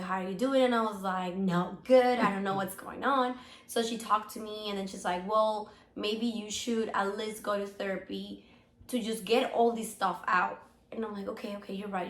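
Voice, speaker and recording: Chatty sick woman in a roomy room. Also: medium pitch. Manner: rambling, many fillers. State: sick, hoarse voice. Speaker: podcast co-host. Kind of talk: casual chat.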